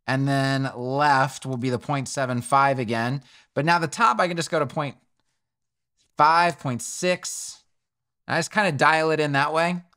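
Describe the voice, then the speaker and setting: A man with a bright, crisp voice walks through a web build at his desk mic. He talks slowly and thinks out loud, adjusting values and correcting himself as he goes. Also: a little high. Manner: thinks aloud while clicking through settings, self-correcting. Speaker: web development tutor. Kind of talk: screen-recorded coding tutorial.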